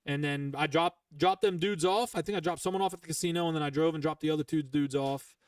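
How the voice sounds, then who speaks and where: A man's voice: on the high side, steady tone, quick pace, no echo, distant mic. Swearing man telling a heated story. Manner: profane, heated, rambling with restarts. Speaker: podcast host. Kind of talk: casual storytelling chat.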